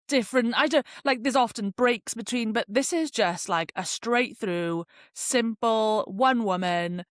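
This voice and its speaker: A woman's voice: medium pitch, no echo, studio quality. Chatty woman podcast host. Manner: chatty and rambling, full of "like" fillers. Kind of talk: casual solo podcast chat.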